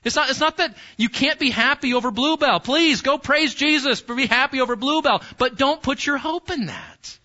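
Male pastor, bright high voice, chatty sermon style with questions to the pews, dull lo-fi church recording. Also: normal speed, few pauses. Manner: conversational, repeats key phrases, questions the congregation.

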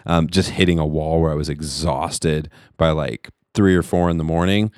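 A man's voice: very deep voice, fairly even intonation, moderate pace, a little mellow, clean tone, no room sound, studio quality. A middle-aged man co-hosting a podcast, rambling through a casual story with lots of laughing and swearing. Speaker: podcast co-host.

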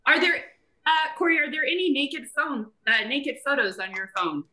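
A woman's voice: high-pitched, lively intonation, moderate pace, sharp tone, echoey room, low-quality recording. A woman hosting a podcast, asking questions in an upbeat, chatty way. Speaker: podcast host. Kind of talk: casual chat.

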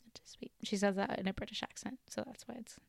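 Podcast co-host, woman, chatty storyteller with a gravelly but smooth voice, dry close sound. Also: mid-range voice, fairly even intonation, quick pace, no room sound, whispered. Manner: storytelling, often apologetic and giggly. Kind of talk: casual podcast chat.

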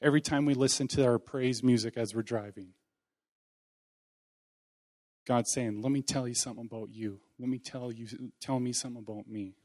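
A man's voice: medium pitch, fairly even intonation, a little fast, hardly any pauses, darkish tone. A man preaching an informal sermon in a church hall, talking in a conversational, folksy way with self-deprecating humor. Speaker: lay preacher.

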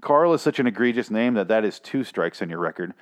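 A man's voice: lively intonation, fast, close to an everyday voice. A man voicing a dismissive, vague teenage girl in a mocking parody. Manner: mocking, exaggerated falsetto parody.

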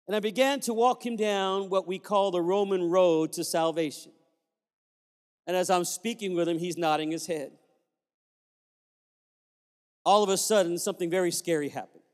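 High-voiced man preaching in an echoing hall. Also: moderate pace, pauses often. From Puerto Rico. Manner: animated storyteller, acting out dialogue. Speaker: pastor. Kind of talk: storytelling sermon. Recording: long hall reverb.

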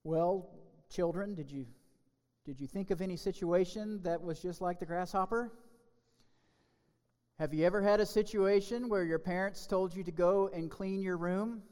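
High-voiced pastor in a reverberant church. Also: male voice, moderate pace, a little mellow, clear, resonant tone. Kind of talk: sermon with children's message.

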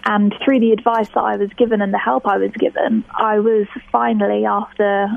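A woman's voice: medium pitch, little pitch movement, normal speed, creaky, narrow, tinny audio. A woman talking candidly and plainly as a guest in a casual interview. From England. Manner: candid, straightforward.

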